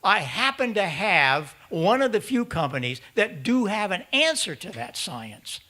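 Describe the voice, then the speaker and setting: Guy giving a fired-up talk at a ham radio conference, kinda high voice, keeps repeating himself for emphasis, into a handheld mic. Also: measured pace. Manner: animated, emphatic, repeats words; acts out voices of other hams. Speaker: presenter at a ham radio symposium. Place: conference room in front of an audience.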